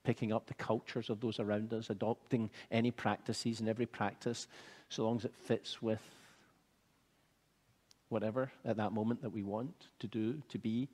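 A man preaching a sermon, measured and earnest, building to fervent emphasis. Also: fairly low pitch, level tone, darkish tone, slightly rough, big-room sound.

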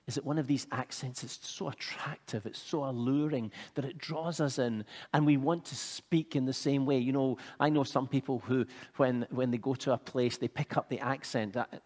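A man preaching a sermon, measured and earnest, building to fervent emphasis. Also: mid-range voice, in a large hall.

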